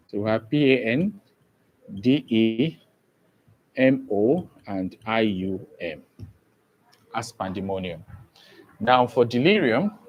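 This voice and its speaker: A man giving an exam-prep lesson who keeps asking the class questions and repeating key points. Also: mid-range voice. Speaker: teacher.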